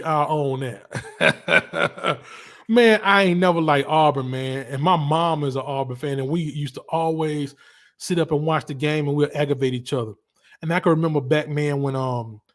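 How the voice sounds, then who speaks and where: An Alabama man with a fairly high pitch and some vocal fry runs a casual livestream. In a Southern accent, he goes on an animated, slang-heavy, rambling rant about college football.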